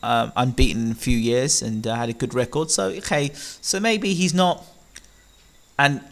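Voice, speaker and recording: A man giving opinionated boxing commentary to camera, animated and full of rhetorical questions, with frequent ums. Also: medium pitch, creaky.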